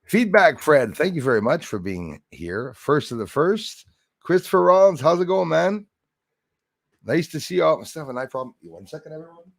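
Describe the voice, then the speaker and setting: Very animated, a man with a higher, creaky voice hosts a casual stream at a moderate pace, saying hi to viewers by name and joking as he rambles. Fillers and restarts abound, and there's no room sound.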